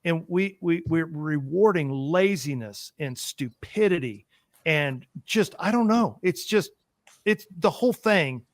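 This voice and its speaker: A man hosts a heated political talk show, his voice pitched high and recorded close and dry. He rants with force, stumbles and repeats himself as he presses his point. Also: expressive, unhurried, dry recording. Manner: emphatic, ranting, repeats himself.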